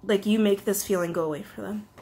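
A woman's voice: medium pitch, steady tone, fast, very noisy. A woman giving a casual tarot reading to camera, chatty and confiding, full of fillers. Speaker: tarot reader.

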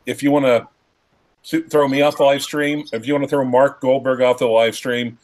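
A man's voice: medium pitch, fairly even intonation, normal speed, rough recording. A man co-hosting a casual livestream chat, making dry wisecracks. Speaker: livestream co-host.

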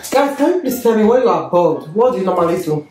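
Offhand teasing wife, echoey room. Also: female voice, medium pitch, animated, fast talker, darkish tone, soft background music. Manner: teasing and offhand, talking to viewers. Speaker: vlogger, wife. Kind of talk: casual couple vlog.

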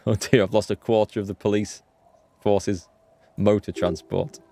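Man, let's play commentary, chatty, self-mocking, lowish pitch, dry sound. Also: steady tone, unhurried, pauses often, dark tone, no echo. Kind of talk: gameplay commentary.

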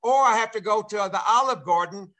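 A man's voice: high-pitched, a little fast, bright, forceful tone. An older man hosting a casual video-call chat, rambling along with lots of repeated fillers. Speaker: show host and former player.

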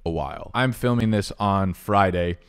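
Loud, playful fantasy football host. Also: male voice, deep voice, moderate pace, clear, resonant tone. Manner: loud, playful, profane, swings between shouting and muttering. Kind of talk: casual video commentary.

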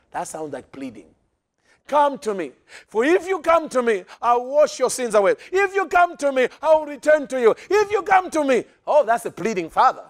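Animated high-voiced male preacher. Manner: emphatic, animated preaching with acted-out quotes. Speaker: pastor. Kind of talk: sermon.

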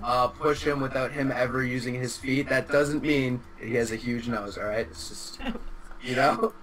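A young man on a casual podcast, chiming in with wry, deadpan jokes. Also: medium pitch, normal speed, distant mic, rough recording. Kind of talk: casual banter.

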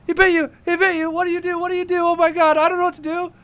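A clueless young friend who falls apart in a panic, his voice jumping far up into a shrill, frantic yelp, as a man puts him on. He repeats his cries again and again, loud and breathless. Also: little pitch movement, very fast. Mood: panicked.

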